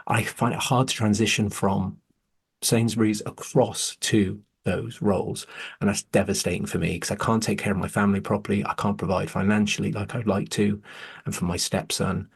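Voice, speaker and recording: This man, a podcast host in his 40s, keeps the conversation casual, frank and earnest, cursing when things heat up. His lowish voice has vocal fry and a darkish, slightly rough quality.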